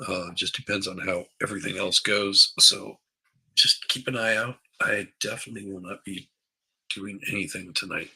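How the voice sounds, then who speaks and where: Man, deep gravelly voice, bright, rough and breathy, groggy, rambling livestream host on a headset. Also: steady tone, moderate pace, rough recording. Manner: rambling, repeats words, greets chat viewers by name. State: groggy after a late night. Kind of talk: casual morning livestream chat. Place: basement room at home.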